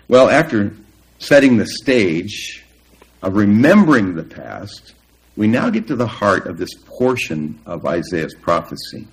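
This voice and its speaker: A middle-aged man preaching a sermon, earnest and emphatic, with long pauses. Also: on the low side, big pitch swings, rough recording. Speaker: pastor.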